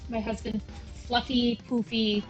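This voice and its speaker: A woman's voice: fairly high pitch, little pitch movement, a little slow, highs cut off, faint music behind. A young woman chatting casually and self-deprecatingly as she comments on a game she is playing at home, drifting off into tangents. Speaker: gaming channel host. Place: at home with her cats.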